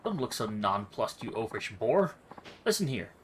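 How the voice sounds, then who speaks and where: A snooty self-declared nobleman in his thirties, as a man reads him out, heaping grand, flowery scorn on everyone. The pitch swoops widely as he preens. Each word is delivered with lofty contempt. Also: sing-song, moderate pace, slight background noise, rough recording. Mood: haughty. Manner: haughty, florid insults. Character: pompous self-styled male nobleman, thirties.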